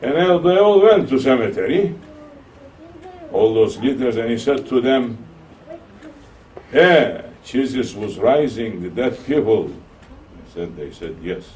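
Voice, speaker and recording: A man, a Sufi shaykh with a Turkish accent, takes his time with long pauses as he tells a story in his sermon, bringing the characters' voices to life with rising pitch. The recording comes from a distant mic, with faint room ambience and slight background noise.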